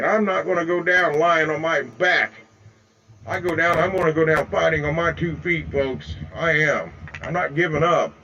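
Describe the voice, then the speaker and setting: A man's voice: a little high, sharp tone, lo-fi sound. An older man with four grandsons, ranting at his viewers in an angry, repetitive, folksy way and calling them folks. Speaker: political video blogger. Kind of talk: impassioned direct-to-camera rant. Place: home with flags in the background.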